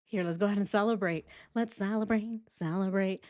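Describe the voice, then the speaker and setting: This is a true crime host on a casual livestream, breaking down a case with plenty of energy and chatter. Her pitch is medium, and she punctuates things with fast laughs and the occasional swear word.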